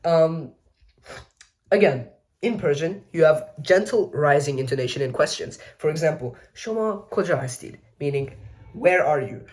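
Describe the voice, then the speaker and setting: A man's voice: on the high side, moderate pace. A man giving a casual educational explainer, with chatty, self-mocking asides and frequent mid-sentence corrections. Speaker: video essay host.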